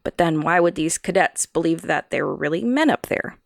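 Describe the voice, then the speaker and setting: A woman's voice: low-pitched, animated, a little fast, gravelly, no room sound, studio quality. A woman co-hosting a casual podcast, reading from prepared notes and laughing along with her co-host. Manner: reads prepared notes, laughs often at her co-host's jokes. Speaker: podcast co-host presenting the research.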